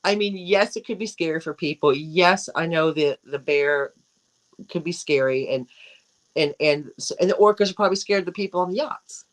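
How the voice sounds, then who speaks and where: A woman co-hosting a casual chat show, talking in an animated, rambling way with frequent restarts. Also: low voice, moderate pace, rough recording. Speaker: co-host.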